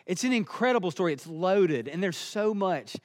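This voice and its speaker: Earnest preacher in an echoing hall. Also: male voice, high-pitched, animated, moderate pace. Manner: earnest, emphatic, building in intensity. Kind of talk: sermon.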